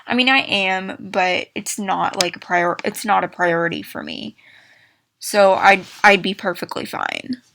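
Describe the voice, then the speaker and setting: Young woman gaming vlogger, slow rambly chat, bright voice a bit high, gets all excited and repeats herself. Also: gravelly, a little hiss or hum. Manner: rambling, restarts phrases, excitable exclamations. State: hiccups. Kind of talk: casual chat to viewers.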